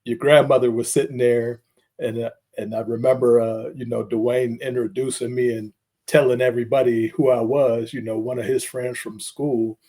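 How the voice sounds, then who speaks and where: A man hosting a podcast, telling a story in an easygoing, steady way with light fillers before asking his guest a question. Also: mid-range voice, normal speed. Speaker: podcast host. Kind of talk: casual interview talk.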